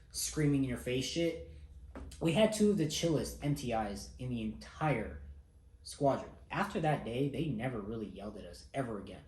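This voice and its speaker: Chill young guy telling stories, cusses a lot, mid-pitched, echoey room. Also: darkish tone. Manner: laid-back, swears freely, self-mocking. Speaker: vlogger. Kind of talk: casual storytelling. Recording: roomy echo.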